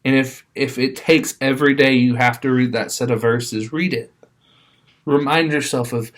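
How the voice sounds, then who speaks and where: A man, as a pastor, giving a casual, conversational sermon with frequent restarts, reading scripture more slowly and softly. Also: mid-range voice, steady tone.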